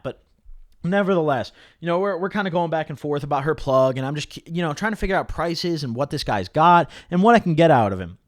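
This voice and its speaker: Animated young guy telling a story. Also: a little high, fairly quick, dry recording, clean studio sound. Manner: animated, swearing, laughs at his own story. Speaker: YouTuber. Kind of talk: casual storytelling vlog.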